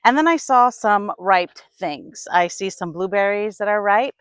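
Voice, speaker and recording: A woman from upstate New York talking to her camera while she tends her garden, sighing, hesitant and thinking out loud. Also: mid-range voice, animated, unhurried, clear, resonant tone, no room sound. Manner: sighing, hesitant, talks to herself while working. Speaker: gardening vlogger. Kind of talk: casual vlog narration. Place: outdoor garden.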